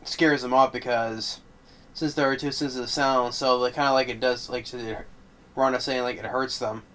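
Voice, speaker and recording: A man giving a casual, rambling film commentary, halting and stumbling over his words. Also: medium pitch, level tone, fairly bright tone. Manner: rambling, halting, laughs often. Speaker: fan commentator.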